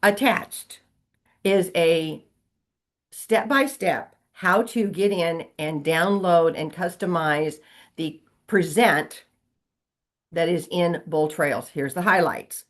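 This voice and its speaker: A woman's voice: on the low side, slow pace. A woman teaching real estate agents in a training session, walking through steps and repeating key points. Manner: instructive, repeats key points, asks okay.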